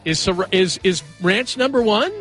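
A man's voice: sits high, lively intonation, moderate pace, a bit bright, soft background music. A man hosting a sports radio show, chatting casually and rambling a little as he moves from one story to the next. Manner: chatty, rambling, eager to joke around.

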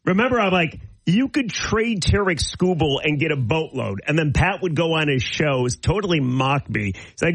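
A man talking on a radio show, telling stories with animated impressions of a colleague. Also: on the high side, normal speed, dry recording, poor audio. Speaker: radio host. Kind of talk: casual studio chat. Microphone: studio microphone.

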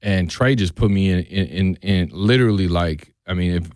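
A man from the Milwaukee area, a music videographer, talking as a guest on a radio show in an enthusiastic, slangy, halting way. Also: low-pitched, darkish tone, no echo, clean studio sound. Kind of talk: casual radio interview chat. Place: radio studio.

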